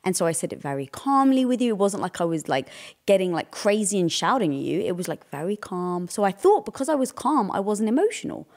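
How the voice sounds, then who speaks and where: A woman's voice: mid-range voice, very animated, brisk, darkish tone. A woman with an ordinary mid-range voice talks through a personal story in a casual relationship chat. She is chatty and leans on fillers and restarts as she goes. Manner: chatty, filler-heavy retelling. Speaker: co-host.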